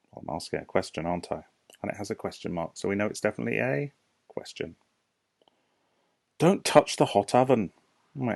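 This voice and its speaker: British male teacher, deep gravelly voice, dry close sound, patient lesson for little kids. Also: a little mellow, no echo. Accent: British English. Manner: slow, clear, patient explaining with rhetorical questions. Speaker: primary school teacher. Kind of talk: recorded home lesson for young children.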